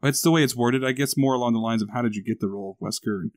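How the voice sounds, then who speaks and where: A man hosting a podcast, briskly steering the conversation and rewording questions. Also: mid-range voice. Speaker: podcast host. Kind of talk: casual podcast interview.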